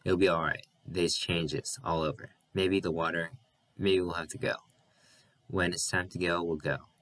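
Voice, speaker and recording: A man voicing a weary, gentle rural mother, speaking quietly and soothingly in plain country speech. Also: low-pitched, steady tone, normal speed.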